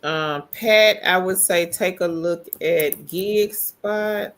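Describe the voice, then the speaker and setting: Her voice is lowish and slow. As co-host of a casual livestream, she chats away, welcoming viewers and reading their comments out loud.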